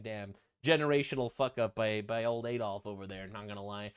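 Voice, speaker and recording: A man's voice: a little high, expressive, normal speed, few pauses, pushed and bright, smooth. A young man hosting a reaction video, cracking crude, sarcastic jokes about news clips. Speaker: commentary host. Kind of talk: reaction commentary.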